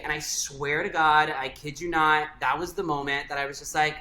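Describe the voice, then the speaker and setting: Bright-voiced man telling a story. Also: fairly high pitch, quick pace, few pauses. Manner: chatty, many fillers like "like". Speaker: guest. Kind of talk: casual storytelling. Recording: echoey room, faint ambient noise.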